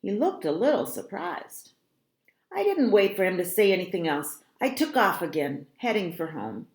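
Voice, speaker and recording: A woman reading a children's novel aloud in a dramatic, expressive storytelling manner. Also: medium pitch. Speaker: reader of a children's book. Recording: roomy echo.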